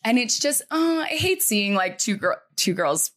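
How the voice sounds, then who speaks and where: A woman's voice: a little high, sing-song, a little slow, a bit bright. Easygoing woman chatting on a podcast. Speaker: podcast co-host. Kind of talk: casual recap chat.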